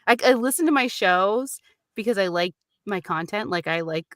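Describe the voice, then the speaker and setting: A woman who narrates audiobooks and hosts her own show, chatting casually on a live stream, animated and quick to mimic voices. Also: medium pitch, dry recording, clean studio sound. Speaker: voice actor and show host.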